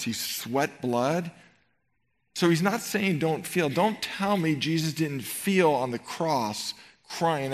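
A middle-aged man preaching a sermon in a church, animated and rhetorical, swinging between loud emphasis and quiet tenderness. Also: fairly high pitch. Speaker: pastor. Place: church sanctuary.

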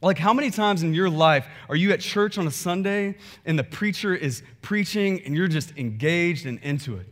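A man preaching a sermon, conversational and animated, reading scripture and acting out churchgoers. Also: high voice, normal speed, hardly any pauses. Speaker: pastor.

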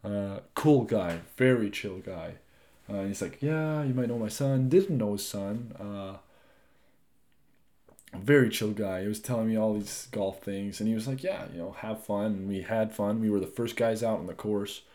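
A young man hosting his own podcast, chatting loosely and rambling, with frequent swearing and lively asides. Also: on the low side, moderate pace. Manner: rambling, profane, animated asides. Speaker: podcast host. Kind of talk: casual solo podcast chat.

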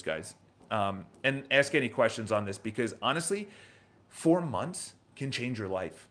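A man in his thirties with a New York accent, hosting a casual motivational livestream, emphatic and repetitive, with a lot of rhetorical questions. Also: medium pitch. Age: 30s. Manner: emphatic, repeats himself, asks rhetorical questions. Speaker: livestream host.

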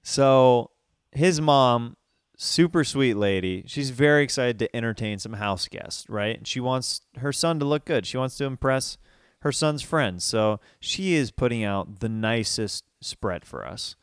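A man's voice: mid-range voice, animated, a little slow, smooth, no echo, clean studio sound. A male podcast host telling a story animatedly in casual chat, calling people dude.

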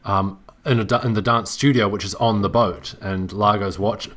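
A man with a very deep voice recaps a film plot in casual podcast chat. He talks haltingly, restarting phrases as he goes. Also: fairly even intonation, fairly bright tone.

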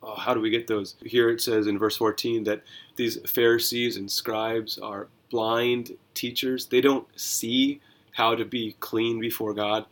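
A pastor hosts a Bible reading podcast, talking through scripture in a lively, conversational way and posing rhetorical questions. His voice sits in the mid range, and he never rushes.

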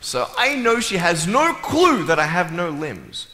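A man's voice: sits high, a little slow. A young man giving a humorous speech to a live audience, telling stories in a playful, joking way. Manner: playful, joking, lively storytelling. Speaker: motivational speaker. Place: large hall with a live audience. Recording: echoey hall with faint ambience.

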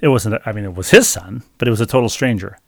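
A man's voice: fairly low pitch, quick pace, darkish tone, dry recording, studio quality. A man co-hosting a casual chat show, telling stories in a wry, self-mocking way. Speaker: podcast co-host.

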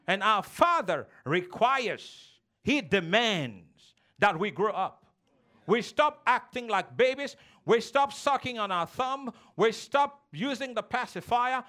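A man's voice: sits high, sing-song, slow pace, bright, forceful tone. A male pastor preaching a sermon to a congregation, calling for responses and acting out childish quarrels. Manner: preaching with call-and-response, mimicking childish voices. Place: church.

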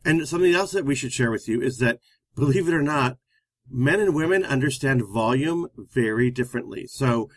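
A man co-hosting a relationship advice talk, telling stories in an animated, emphatic way. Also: mid-range voice, a little fast, dry recording. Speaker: relationship counselor co-host. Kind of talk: casual advice chat.

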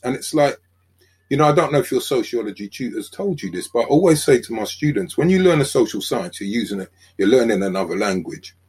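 Older south london guy, husky voice, chatty podcast guest acting out the people he quotes. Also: mid-range voice. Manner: animated storyteller, acts out quoted dialogue. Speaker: guest sociologist. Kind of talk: conversational podcast interview.

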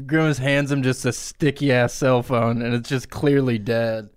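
A man's voice: mid-range voice, steady tone, takes it slowly, clean tone. Man telling a crude comic tale. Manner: crude, laughing, riffing on a tall tale. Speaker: podcast co-host. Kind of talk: improvised comic storytelling.

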